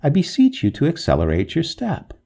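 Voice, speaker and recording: A man puts on a wailing female water ghost in a storybook reading, pitched well above his usual voice. She pleads and begs in swooping, melodramatic lines, with a husky, gravelly grain. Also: huge pitch swings, brisk, warm tone, full character voice. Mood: desperate. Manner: pleading, melodramatic, rising to wails.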